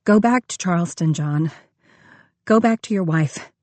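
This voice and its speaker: A woman's voice: on the low side, a little slow, a little mellow, no room sound, lightly acted. A woman reading the part of a young woman who has been deceived by her lover, speaking emotionally and accusingly. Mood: angry.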